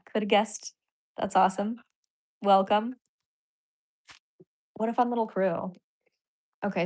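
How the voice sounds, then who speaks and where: Woman streamer rambling w her chat, reads comments out, laughs a lot. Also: mid-range voice. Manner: chatty, reads viewer comments aloud, laughs often. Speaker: livestream host. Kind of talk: casual live-stream chat.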